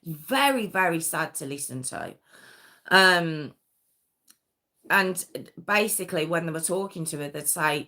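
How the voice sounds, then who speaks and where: A woman's voice: on the low side, animated, a little slow, long pauses, pushed and bright. A woman hosting a live true crime stream, telling the story conversationally with many fillers and restarts.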